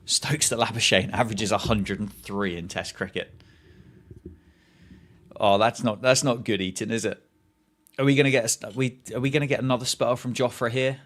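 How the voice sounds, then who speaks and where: A man's voice: medium pitch, normal speed, fairly bright tone. A man hosting a live cricket watchalong, chatting casually, joking and reacting to play and viewer comments.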